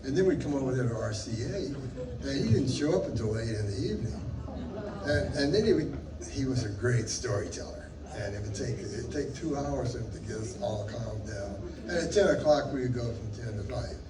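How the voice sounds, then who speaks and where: An older man, a session musician guest, telling rambling, animated anecdotes on a panel stage with many restarts. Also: medium pitch, fairly quick. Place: event stage before an audience. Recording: echoey hall mic from a distance with crowd.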